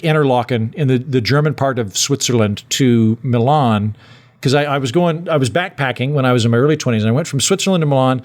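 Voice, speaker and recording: A man hosting a podcast, telling rambling comic stories in casual chat with lots of restarts. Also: medium pitch. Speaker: podcast host.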